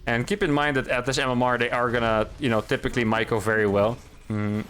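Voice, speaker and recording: A man's voice: medium pitch, fairly even intonation, fast, fairly bright tone, slight background noise. Chatty man commentating his own game. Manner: thinks aloud while playing, chatty and upbeat. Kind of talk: casual live game commentary.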